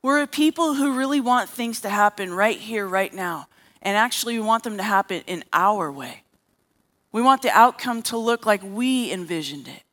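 A woman's voice: mid-range voice, animated, moderate pace, a bit bright. A woman preaching a sermon as a therapist, telling a story and acting out the characters' lines.

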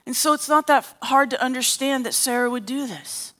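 A woman's voice: sits high, moderate pace, fairly bright tone. A woman preaching a sermon as a therapist, telling a story and acting out the characters' lines.

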